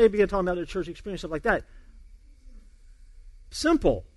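Animated high-voiced man preaching. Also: brisk, no echo. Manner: animated storyteller, acts out dialogue, laughs along. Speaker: pastor. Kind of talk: sermon with a humorous personal story.

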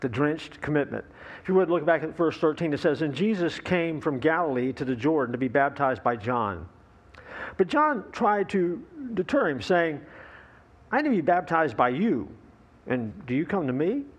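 A man preaching a sermon as pastor, telling a story in a folksy, relaxed way with fillers and asides to the congregation. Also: on the high side, moderate pace.

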